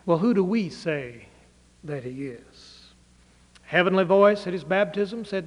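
Male pastor, sermon delivery, high-pitched, unhurried, dramatic loud-soft swings, long hall reverb. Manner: dramatic, swings between loud declaiming and hushed low phrases.

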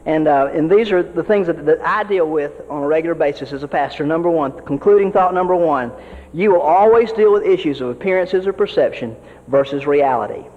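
In a sermon aimed at fellow ministers, a man speaks with a fairly high pitch and a slightly fast delivery. He comes across as an earnest, folksy pastor who frequently repeats words as each point builds. The recording is dull and drenched in long hall reverb.

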